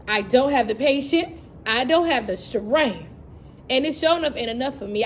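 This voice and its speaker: A young woman, a teacher talking in a casual vlog, animated and chatty, laughing often and acting out classroom moments. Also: high voice, a little hiss or hum. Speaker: teacher and vlogger.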